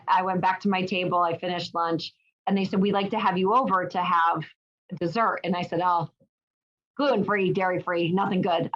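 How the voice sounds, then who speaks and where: A middle-aged woman, a guest, telling a personal story in a lively, animated way with many restarts. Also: on the low side. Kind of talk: casual storytelling in an interview. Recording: dull lo-fi sound.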